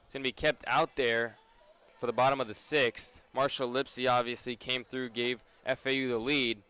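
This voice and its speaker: Young male play-by-play voice, mid-range and smooth, brisk radio baseball calls. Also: mid-range voice, little pitch movement, bright, forceful tone. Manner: brisk play-by-play that rises on big plays. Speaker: play-by-play announcer.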